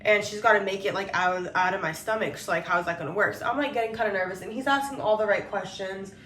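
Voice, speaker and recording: A woman's voice: medium pitch, quick pace, a bit bright, far from the mic, slight background noise. A young woman vlogger telling a personal story in a rambling, emotional way, with lots of fillers and restarts. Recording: echoey room, voice off-mic.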